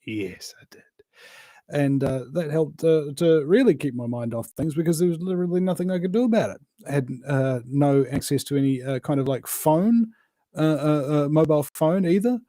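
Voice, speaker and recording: A man's voice: on the high side, moderate pace, mellow, dry recording. Rambling New man, dry sound. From New Zealand. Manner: rambling, emphatic, with many fillers and restarts. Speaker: guest. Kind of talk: casual conversation.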